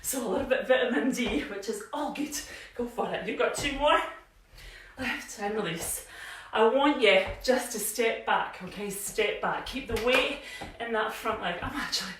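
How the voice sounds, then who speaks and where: Leading a live workout class at home, a woman from Scotland chats and encourages, saying "yeah?" often as she cues moves, a bit winded from exercising too. Her voice is on the high side and fairly bright at normal speed, with a little hiss or hum, distant in a very echoey room.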